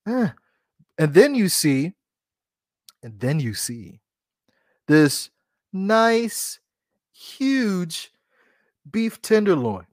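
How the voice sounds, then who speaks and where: A man's voice: fairly high pitch, lively intonation, takes it slowly, long pauses, a little mellow, no echo, studio quality. A man hosting a podcast, chatting casually about cooking, joking, laughing at himself and talking straight to his listeners. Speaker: podcast host.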